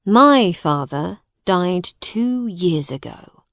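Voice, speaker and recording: A woman's voice: on the low side, animated, very slow, dry recording, studio quality, exaggerated voice. A woman reading the part of a grown man, a cold, hostile younger brother who speaks sternly in a raised voice.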